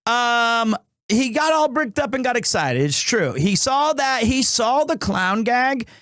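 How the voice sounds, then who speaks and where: A man with a notably high voice talks casually on a live stream. He jokes with his viewers and rambles, often stopping and restarting his sentences. The sound is dry and close, with no room echo. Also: very animated, measured pace, a bit bright. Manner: rambling, full of restarts and self-corrections; joking and playful with chat.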